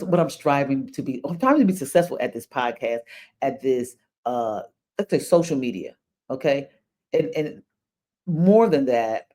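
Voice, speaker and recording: A woman's voice: a bass voice, warm tone. An older woman from New York with a New York accent, hosting her own podcast in a chatty, unscripted monologue, repeating phrases and breaking into exclamations. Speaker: podcast host. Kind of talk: casual monologue.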